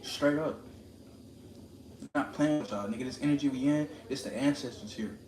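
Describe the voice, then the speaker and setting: At a moderate pace and medium pitch, a livestreamer launches into a confrontational, preachy rant, repeating lines for emphasis. The monologue sounds roomy and echoey, with steady noise behind it.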